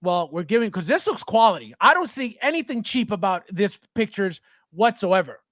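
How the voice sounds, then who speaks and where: A man's voice: high-pitched, big pitch swings, normal speed, a bit bright, no echo, studio quality. A man hosting a casual podcast chat about collectible figures, chatty and thinking aloud with fillers. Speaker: podcast host.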